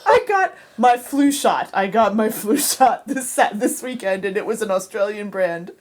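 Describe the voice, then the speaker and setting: A woman's voice: mid-range voice, animated. A woman co-hosting a radio show, bantering casually and laughing often. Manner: giggly, fast tangents.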